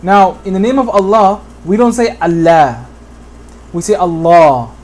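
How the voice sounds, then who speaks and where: Teacher from Bangladesh, whiteboard tutorial, patient, repeats examples, mid pitch. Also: fairly quick. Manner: patient, checks in with "okay?" often, repeats examples. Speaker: Quran recitation teacher.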